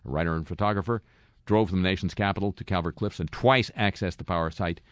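Low-voiced guy reading news stories fast, sarcastic jokes in between, dead dry room. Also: dry recording. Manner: wry, sarcastic asides. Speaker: comedy news host.

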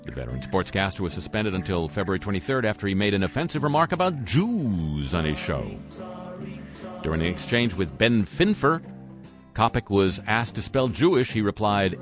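A man's voice: fairly low pitch, very animated, fairly quick, over music. A man hosting talk radio, reading news items with sarcastic, wry asides. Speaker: radio host.

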